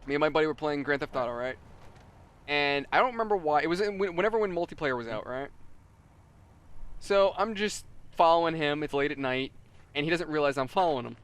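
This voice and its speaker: Laughing, animated gaming host. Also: male voice, fairly high pitch, brisk, clean tone. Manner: laughing, animated storytelling with voiced quotes. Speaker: let's play host. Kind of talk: casual gaming chat.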